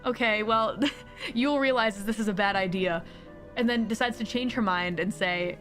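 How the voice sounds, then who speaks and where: A woman's voice: fairly high pitch, unhurried. A woman streamer casually recapping a tabletop campaign in a playful, giggly, rambling way. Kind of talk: casual recap with acted quotes. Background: music.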